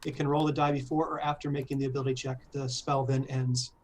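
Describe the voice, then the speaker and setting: A man playing a tabletop game, describing his moves and reading out rules in a steady, matter-of-fact way. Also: mid-range voice, fast talker, a little hiss or hum. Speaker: player.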